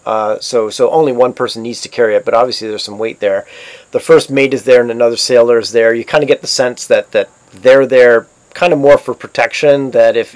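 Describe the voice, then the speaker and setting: A man narrating as game master for an online tabletop game, halting with many fillers and restarts. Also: mid-range voice. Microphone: online voice chat.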